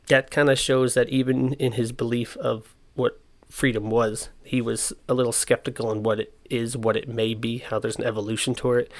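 A young man casually explaining history, with slangy, joking asides. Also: medium pitch. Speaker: history presenter.

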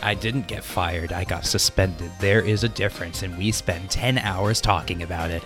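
A man playing in a tabletop game podcast, with a low voice and dry, deadpan jokes. He is quick to argue, and faint music plays behind him. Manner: deadpan, argumentative. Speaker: player. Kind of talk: casual podcast chat.

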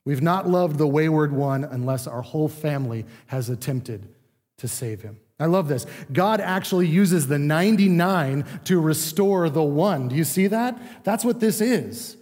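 A man with a fairly high voice preaches a sermon in an easygoing, conversational teaching manner, slipping into the voices of the people he describes. His words ring out with a long reverb, as in a large church sanctuary. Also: expressive, measured pace, a little mellow. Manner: conversational teaching, acting out quoted speech. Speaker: pastor.

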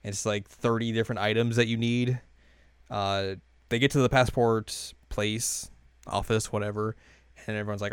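A man casually recapping an anime episode in a loose, rambling way, with lots of fillers and quick quoted lines. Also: on the low side, steady tone, clean tone, no room sound, clean studio sound. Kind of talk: casual chat.

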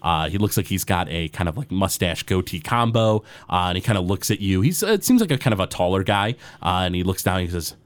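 A man narrating as game master of a tabletop game, halting and full of fillers. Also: low-pitched, lively intonation, no room sound.

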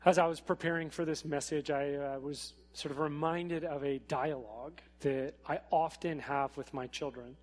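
A man preaching a sermon in a church, speaking in a casual, animated way with frequent fillers. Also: fairly high pitch, normal speed, few pauses. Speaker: pastor. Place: church sanctuary. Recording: echoey hall.

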